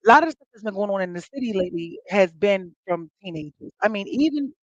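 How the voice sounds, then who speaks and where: Woman host, casual chat, animated storyteller who acts out quotes; dry, slightly dull lo-fi mic. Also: fast talker, dry recording. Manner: animated storytelling, acting out quotes with big pitch jumps. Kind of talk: casual chat to a live audience.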